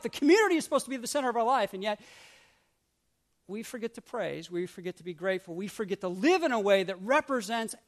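A man preaching a sermon as pastor, swinging from urgent repeated questions to hushed prayerful lines and acting out grumbling voices. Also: extremely high pitch. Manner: acts out grumbling voices with asides.

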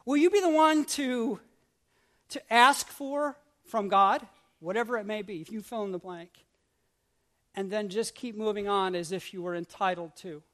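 A man preaching a sermon as pastor, swinging from urgent repeated questions to hushed prayerful lines and acting out grumbling voices. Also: high voice, moderate pace. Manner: acts out grumbling voices with asides.

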